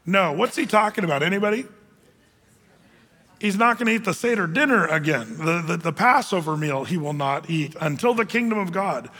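Bright-voiced pastor man in a hall. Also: sits high, animated, normal speed. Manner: conversational, with frequent fillers and restarts. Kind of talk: verse-by-verse Bible teaching.

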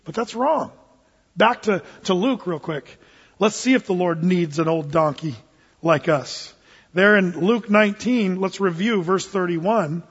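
A man's voice: high voice, unhurried, fairly bright tone, breathy edge. A man preaching a sermon, earnest and folksy in manner. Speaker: pastor. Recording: dull, echoey church hall recording.

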